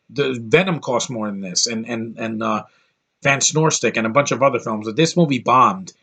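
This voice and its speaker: A man's voice: mid-range voice, fairly bright tone, muffled recording. A man giving an exasperated, blunt movie review rant, swearing freely and often repeating himself as he talks.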